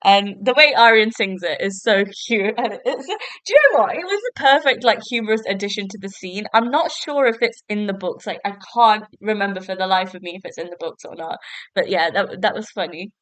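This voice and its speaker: A woman's voice: mid-range voice, lively intonation, fairly quick, fairly bright tone, dry recording. A young woman, chatting casually as a podcast host and laughing often as she talks. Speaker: podcast host reviewing a TV episode. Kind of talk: casual review chat.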